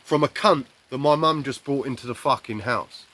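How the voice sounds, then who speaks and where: A man telling a raw personal story bluntly, swearing heavily and acting out shouts and quoted lines. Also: medium pitch, moderate pace.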